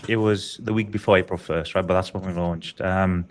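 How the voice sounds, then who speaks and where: A man's voice: mid-range voice, a little fast, hardly any pauses. A man with a British-sounding accent, a podcast guest talking effusively and casually about his products. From not technically British. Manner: effusive, chatty, lots of fillers. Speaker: podcast guest, brand founder.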